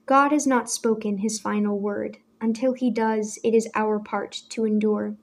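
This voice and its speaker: A woman voicing a stern, authoritative older father who speaks in measured, grave tones. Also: mid-range voice, steady tone, close to an everyday voice.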